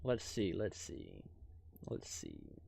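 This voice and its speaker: A young adult man giving an angry, profane political rant as a commentator, swinging from shouted outbursts to low muttering. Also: huge pitch swings, slow, creaky, slight background noise.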